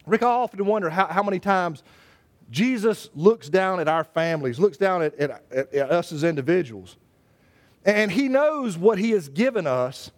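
A high-voiced pastor delivers an animated sermon, stammering and restarting as he goes. He acts out the voices of those he quotes.

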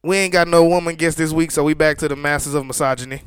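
A man's voice: fairly high pitch, steady tone, fast talker, clear, resonant tone, dry recording. Joking, profane podcast co-host, a man. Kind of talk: casual podcast banter. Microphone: podcast microphone.

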